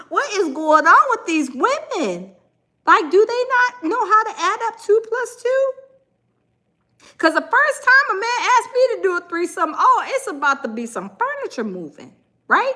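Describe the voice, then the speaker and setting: A woman hosts a casual livestream, talking straight to her chat. Her voice sits high and sounds bright and forceful. She is sassy and animated, and she reads out viewer comments as she goes. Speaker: livestream host.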